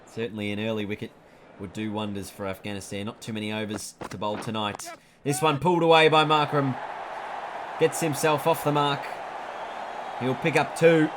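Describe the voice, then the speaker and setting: A man's voice: mid-range voice, little pitch movement, moderate pace, noisy background. A man giving chatty, jokey play-by-play commentary over a cricket video game, stumbling over names now and then.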